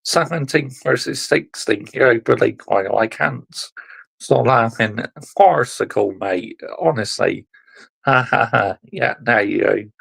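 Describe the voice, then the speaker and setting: Gravelly exasperated football vlogger. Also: male voice, mid-range voice, unhurried, a bit bright. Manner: exasperated, sarcastic, swears, keeps addressing "people". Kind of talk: ranting fan vlog.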